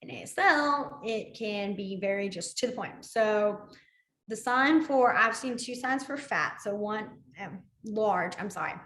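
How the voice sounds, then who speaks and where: A woman's voice: medium pitch, lively intonation, a little slow, fairly bright tone. A woman teaching a beginner sign language class, explaining signs in a chatty, rambling way with many fillers and side stories. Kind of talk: casual spoken class instruction. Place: library classroom. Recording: echoey room.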